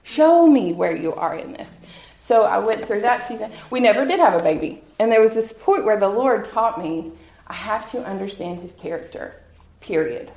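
A woman's voice: medium pitch, normal speed, a little mellow. Earnest woman giving church testimony. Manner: earnest, heartfelt, laughs at herself. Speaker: guest speaker sharing testimony. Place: church hall with an audience. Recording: roomy hall echo.

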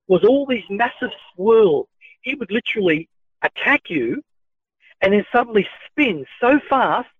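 A man recounting his own experiences as a story, retelling each line of dialogue in a measured way. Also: sits high, no echo. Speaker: channeled speaker recounting adventures. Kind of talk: first-person storytelling. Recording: tinny phone-like, dry.

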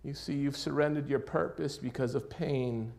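A man preaching a sermon as pastor, moving between hushed, near-whispered passages and loud, rising exhortation, with repeated rhetorical questions. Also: medium pitch, fairly even intonation, normal speed, vocal fry.

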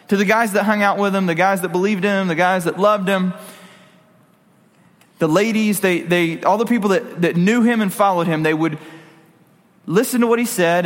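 A man with a high voice gives a relaxed, conversational sermon, tossing in jokes and asking his listeners questions. His voice rings out with the long reverb of a hall. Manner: conversational, jokey asides to the audience. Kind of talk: casual sermon.

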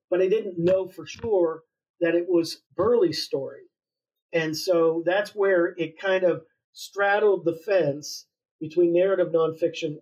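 Husky guy with a high-ish voice, rambling on in an interview, sounds far off and muffled. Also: a little mellow. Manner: rambling storyteller with fillers. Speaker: author guest. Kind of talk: conversational interview. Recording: distant, dull lo-fi sound.

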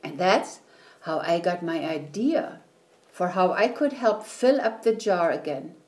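Lady reading a kids storybook, gentle, takes her time. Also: lowish voice, lively intonation, a little slow. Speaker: reader. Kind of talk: storybook read-aloud.

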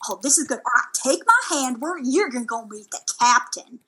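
A woman improvising a comedy scene as a crew translator, rambling and excitable in her storytelling. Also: high-pitched, normal speed, heavy background noise.

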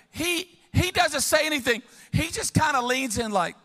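A middle-aged man preaching a sermon as pastor, telling funny stories with lively call-and-response to the congregation. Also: very high voice, brisk, gravelly. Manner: humorous, animated storytelling with call-and-response. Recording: long reverb of a large hall.

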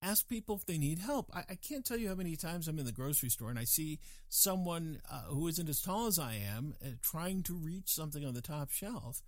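Man, slightly high voice, very expressive melody, rambling warmly through a reflective talk, dry close sound. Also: brisk, few pauses, dry recording. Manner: animated, digressive, chuckling asides. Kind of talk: reflective casual monologue.

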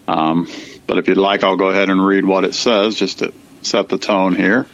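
A man co-hosting a casual political talk show, speaking in a measured, conversational way with fillers. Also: low voice, fairly even intonation, a bit bright, lo-fi sound, a little hiss or hum. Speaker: podcast co-host.

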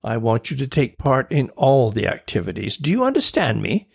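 A man's voice: mid-range voice, huge pitch swings, moderate pace, vocal fry, breathy edge, full character voice. A man doing a firm, caring mom.

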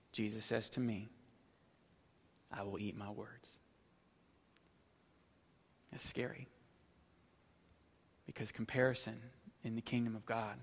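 A middle-aged pastor preaches a sermon in a big-sounding room, swinging between loud, emphatic stretches and low, quiet asides.

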